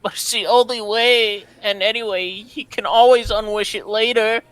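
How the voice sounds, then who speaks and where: A woman acting out a timid, kind-hearted young alien boy with a high, bright voice. He sounds earnest and apologetic, on a dry, close recording from a comedic fan-fiction reading. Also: fairly even intonation, moderate pace, no echo, lightly acted, poor audio. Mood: pleading. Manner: earnest, apologetic, tearful pleading.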